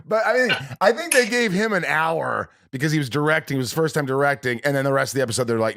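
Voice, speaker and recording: A male podcast host in casual chat, joking and animated, who slips into impressions of people. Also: a little high, fast talker, gravelly, hardly any pauses.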